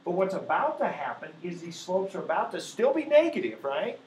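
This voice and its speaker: This math teacher has a high, slightly mellow voice and is very animated, talking a bit quickly as he patiently takes students through each step and keeps checking with "right?" The classroom is echoey, with faint noise behind him.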